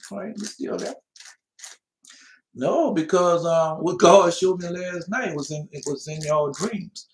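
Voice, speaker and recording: A man preaching a fiery Bible-study sermon, swinging between loud emphatic bursts and soft mocking asides, and reading scripture slowly. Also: high-pitched, creaky, roomy sound. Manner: slow, drawn-out scripture reading.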